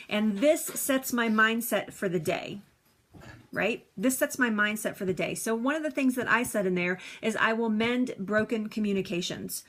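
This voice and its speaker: A woman's voice: mid-range voice, bright, forceful tone. A woman coaching viewers on a live stream, upbeat and chatty, laughing often as she reads comments aloud.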